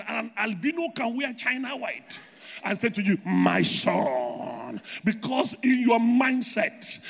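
A man preaching a sermon with loud shouted declarations and rhythmic repetition, recorded in a large reverberant hall. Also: extremely high pitch, vocal fry, breathy edge.

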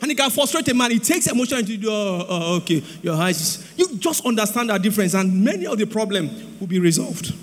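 A man preaching a sermon on marriage, animated and sing-song, breaking into shouts. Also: very high-pitched, quick pace, few pauses. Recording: long hall reverb.

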